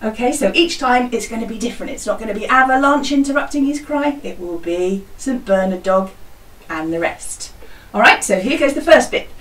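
A woman teaching children a song, speaking slowly and clearly, singing lines and modelling the sound effects for them. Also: a little high, lively intonation, fairly bright tone, echoey room, distant mic, rough recording. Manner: slow, clear and encouraging, sings parts and animal sounds. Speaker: music teacher leading a school singalong.

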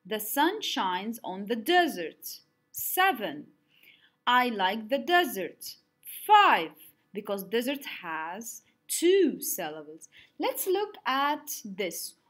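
Slow, lively woman teacher. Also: on the high side. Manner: slow, clapping out syllables, lively sing-song. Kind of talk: teaching young pupils.

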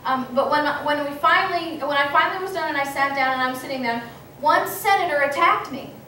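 A woman's voice: sits high, brisk. A woman giving a storytelling speech to an audience, acting out the exchanges she quotes. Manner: animated, acts out quoted exchanges. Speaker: speaker at a political meeting. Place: meeting hall, indoors. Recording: echoey hall from far off with faint room noise.

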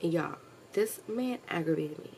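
A woman's voice: low voice, expressive, moderate pace, a little mellow, a little hiss or hum. A young woman vlogging at home, chatting casually to her camera with lots of slang and swearing, and teasing her pet along the way. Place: at home, indoors.

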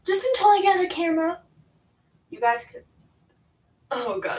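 A woman's voice: very high-pitched, animated, moderate pace, a little mellow, low-quality recording. A teenage girl vlogging at home while bathing her kittens, rambling and self-mocking, chatting to the cats. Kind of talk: casual vlog chat.

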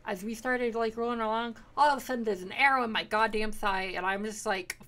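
A young woman casually recapping her tabletop game sessions, rambling and swearing freely as she acts out quick quotes. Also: fairly high pitch, fairly even intonation, a bit bright. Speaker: player recapping a tabletop campaign.

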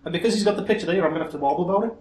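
A man co-hosting a casual chat about toys, excitable and quick to laugh. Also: fairly high pitch. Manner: excitable, laughs often, repeats words for fun. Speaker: podcast co-host. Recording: echoey room with faint hiss.

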